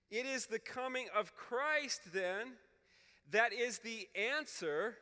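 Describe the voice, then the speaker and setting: A man teaching scripture to a room of clergy, his voice high and crisp with a bright edge. He explains step by step and often checks in with "okay?". A long reverb trails each phrase. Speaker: Bible scholar speaking at a clergy retreat.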